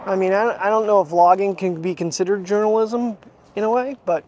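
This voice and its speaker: A male vlogger rambles through his daily vlog, self-deprecating and chuckling often, while walking his dog outdoors and later sitting in a car. His voice is high and a little fast. He wears a small wireless clip mic, and the background is noisy.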